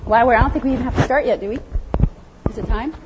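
High-voiced, chatty woman lecturer. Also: rapid-fire, noisy background. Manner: chatty, self-deprecating, laughs often. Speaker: animal behavior lecturer. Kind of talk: conference lecture with audience questions. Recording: dull lo-fi sound.

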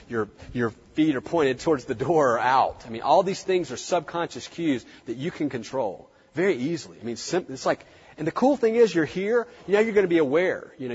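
Southern male seminar presenter, slightly high husky voice, chatty, echoing hall on a dull recording. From American South. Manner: conversational, repeats words, demonstrates on stage. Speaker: workshop presenter. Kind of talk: live seminar lecture.

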